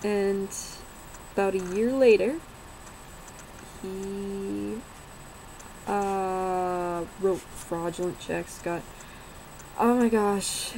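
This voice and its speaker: A woman's voice: mid-range voice, fairly even intonation, darkish tone, slight background noise, rough recording. A young woman casually telling a personal story, rambling and swearing now and then. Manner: unhurried, rambling, swears and laughs while telling.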